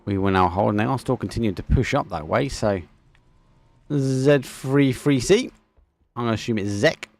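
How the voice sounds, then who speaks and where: A gravelly-voiced man with an Essex accent commentates a live esports match. He speaks casually and warmly to his viewers, with a chatty, friendly manner. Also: mid-range voice, normal speed, dry recording. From England. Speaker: esports caster. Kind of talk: live game commentary with chat.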